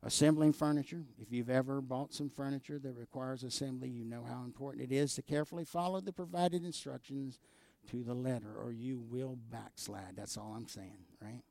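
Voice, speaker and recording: Gravelly preacher. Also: male voice, medium pitch, a little fast, no room sound. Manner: preaching with call-and-response asides, swinging between loud and quiet. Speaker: pastor. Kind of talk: sermon.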